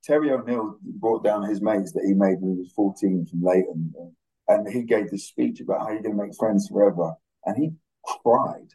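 A man's voice: fairly low pitch, normal speed, dark tone, low-quality recording. A young adult man, an actor guest, chatting casually and reflectively in an interview with some hesitations.

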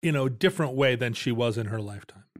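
A man hosting a podcast, asking questions and summing up points in relaxed chat. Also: mid-range voice, quick pace, dry recording, studio quality. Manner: asks leading questions and sums up the guest's points. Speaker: podcast host. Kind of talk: casual conversational podcast chat.

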